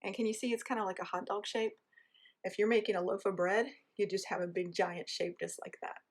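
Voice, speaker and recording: A woman's voice: mid-range voice, steady tone, brisk. A woman with a rural Southern American accent, giving a casual, chatty how-to lesson while she shapes dough with her hands. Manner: chatty, self-deprecating, talks while kneading dough. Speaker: home baker teaching.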